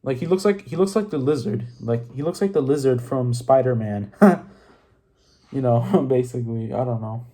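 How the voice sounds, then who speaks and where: Young guy recapping a movie, keeps restarting his sentences, laughs a lot, swears, kinda warm low tone. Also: lively intonation, moderate pace. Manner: rambling, self-correcting, laughs often, swears freely. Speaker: movie reviewer. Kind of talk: casual spoken film recap.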